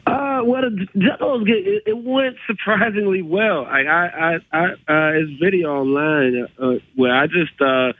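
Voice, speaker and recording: A man in his thirties, a guest comedian calling in, telling stories in a halting, laid-back way with many restarts. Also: a little high, dry recording. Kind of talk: casual storytelling. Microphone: phone. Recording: tinny dry phone line.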